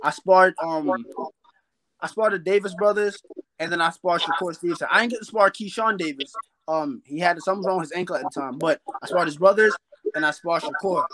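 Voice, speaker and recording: Young high-voiced man, casual boxer talk. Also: fairly quick, poor audio. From New York. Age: young adult. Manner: relaxed, rambling, fillers like "you feel me". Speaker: boxer guest. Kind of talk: casual interview chat.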